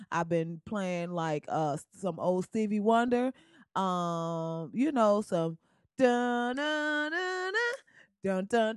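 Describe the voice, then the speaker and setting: A woman hosts her podcast alone from home in a loose, animated monologue, laughing easily and humming snatches of songs. Her voice sits a little high. The recording is close and dry, with no room echo. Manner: animated, chatty, laughs and breaks into song. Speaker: podcast host. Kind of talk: casual solo podcast monologue. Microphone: podcast mic at home.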